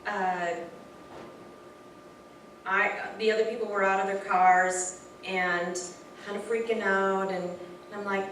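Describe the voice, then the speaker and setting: A woman shares a personal story with a spiritual community, animated and warm, often stumbling and restarting as she goes. Her voice sits at an ordinary middle pitch. It is captured from a distance in a very reverberant hall with a faint hiss underneath. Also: takes it slowly, long pauses. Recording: very echoey room from far off with faint noise.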